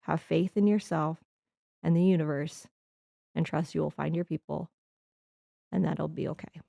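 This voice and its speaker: A podcast host from the Midwest reflects earnestly at a moderate pace, rambling and often starting over. She has a low, gravelly, mellow voice with fairly even intonation, recorded without echo.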